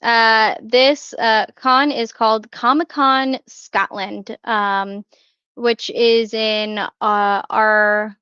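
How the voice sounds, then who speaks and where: Chatty woman host, smooth dry voice. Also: a little high, steady tone, drawn-out words, pushed and bright, no echo, highs cut off. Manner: chatty, many fillers and restarts, laughs often. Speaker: podcast co-host. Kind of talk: casual chat.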